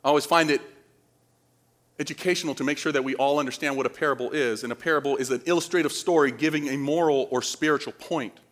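Man, preacher, sermon, casual and chatty, questions to the congregation, high-pitched. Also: steady tone, fast talker, fairly bright tone. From Dominican Republic. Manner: conversational, asks the crowd questions.

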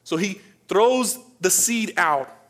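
A man from the Dominican Republic preaches slowly but animatedly, his voice sitting high and a bit bright. His sermon is casual and conversational, full of questions aimed at the congregation.

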